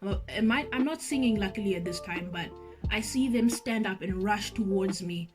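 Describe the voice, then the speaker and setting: A woman telling a story to her viewers in a lively, animated vlog, speaking straight to the audience. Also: medium pitch, normal speed, music in the background. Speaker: vlogger and singer.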